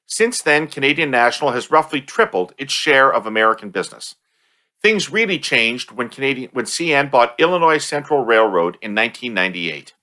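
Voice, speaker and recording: A man hosting a podcast, chatting casually and reading a sponsor spot, jokey and quick to laugh. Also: mid-range voice, big pitch swings, sharp tone. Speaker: podcast host.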